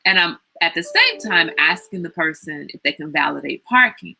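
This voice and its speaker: A woman hosting a casual livestream, telling stories in an animated, teasing way and laughing often. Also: deep voice, normal speed, gravelly, a little hiss or hum, low-quality recording. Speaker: livestream host.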